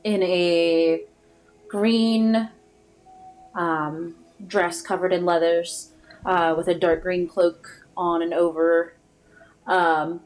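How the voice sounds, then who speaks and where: A woman playing a tabletop role-playing game, describing her character haltingly with many fillers. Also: fairly low pitch, fairly even intonation, a little mellow, slight background noise, low-quality recording.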